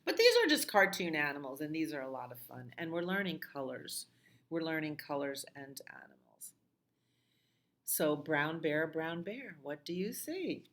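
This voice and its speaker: A middle-aged woman librarian leading a children's storytime, reading a picture book and singing in a slow, sing-song voice that leaps high on the repeated calls. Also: a bit bright.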